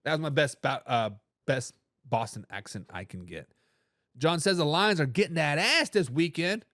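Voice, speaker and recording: High-voiced, animated sports talk host. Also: male voice, normal speed, no echo, clean studio sound. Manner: animated and casual, with slangy catchphrases and frequent restarts. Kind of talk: live NFL talk show, reading viewer comments.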